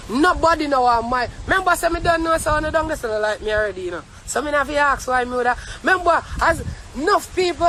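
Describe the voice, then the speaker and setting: Heated high-voiced Jamaican woman ranting. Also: slight background noise, rough recording. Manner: heated, defiant, profane, often shouting. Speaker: vlogger. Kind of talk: ranting monologue to camera. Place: inside a car.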